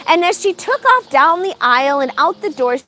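A woman's voice: sits high, moderate pace, a little hiss or hum. A woman reading a picture book aloud for storytime in a farm barn. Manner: animated, expressive.

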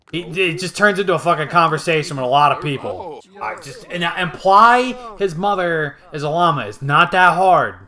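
A young man casually commentating a life-sim game he is playing, swearing freely and getting excitable. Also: a little high. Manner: profane, excitable, jokey. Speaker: gaming video host.

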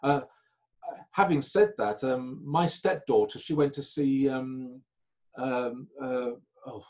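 A man telling anecdotes as an interview guest. He talks in a halting way and corrects himself often, over a video call. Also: mid-range voice, darkish tone, dull audio. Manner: chatty raconteur, halting and self-correcting. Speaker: magician guest.

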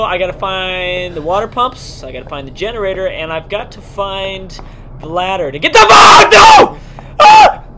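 A man's voice: a little high, noisy background. A man narrating his horror game playthrough, swearing and joking, then breaking into panicked screams. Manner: profane, jokey, panicky screaming. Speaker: gaming video creator. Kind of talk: horror game let's-play commentary.

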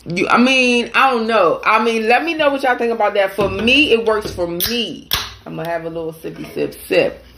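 A woman's voice: mid-range voice, moderate pace, gravelly, background noise. A young woman, chatting casually as she eats for a live mukbang audience. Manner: chatty, talking while eating, playful and animated. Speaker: mukbang host.

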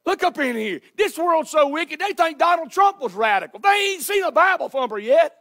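A man's voice: very high-pitched, expressive, normal speed, sharp tone. A man preaching a sermon as pastor in a church, emphatic and hollering. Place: church sanctuary.

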